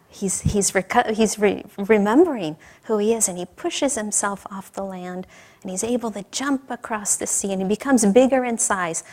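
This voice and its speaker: A woman giving a sermon, telling stories in a conversational way with light laughter and questions to the audience. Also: medium pitch. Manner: warm storytelling with light laughter. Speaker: spiritual teacher. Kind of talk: sermon with storytelling.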